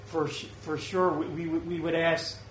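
A man's voice: on the high side, level tone, a little slow, slight background noise. A man preaching an earnest, conversational sermon at a church service. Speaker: pastor. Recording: roomy, faint ambience.

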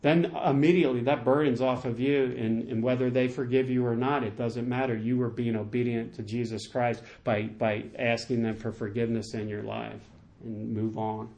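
A man's voice: medium pitch, flat delivery, normal speed, darkish tone. A male pastor preaching a sermon, enthusiastic and emphatic, with lots of repetition.

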